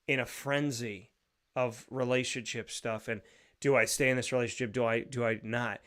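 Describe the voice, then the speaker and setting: A man hosting a show talks in an earnest, reflective way. He leans on repetition and now and then rises into animated, emphatic stretches. His voice sits at an ordinary male pitch. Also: normal speed. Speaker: show host giving a faith segment. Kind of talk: casual spoken reflection.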